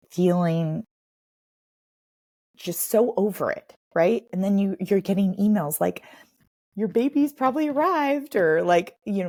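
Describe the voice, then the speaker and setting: A woman's voice: fairly low pitch, mellow, no echo, clean studio sound. A woman in her thirties, a podcast guest, talking openly and reflectively with many "like" fillers. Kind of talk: candid personal conversation.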